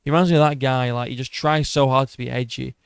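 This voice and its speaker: A man's voice: medium pitch, steady tone, fast talker, vocal fry, smooth, dry recording. A man ranting sarcastically in commentary, mocking and exasperated. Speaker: MMA commentator.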